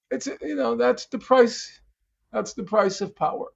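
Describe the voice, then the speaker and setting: A man's voice: very high voice, a little slow, vocal fry, muffled recording. A man from the United States speaking as a guest in a political podcast discussion, emphatic and scornful, repeating his points for effect.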